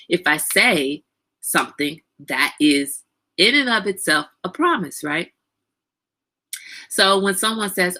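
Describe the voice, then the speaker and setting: A woman's voice: sits low, lively intonation, a little slow, pushed and bright. A woman hosting a casual livestream, chatting animatedly, greeting viewers by name and laughing often. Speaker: livestream host.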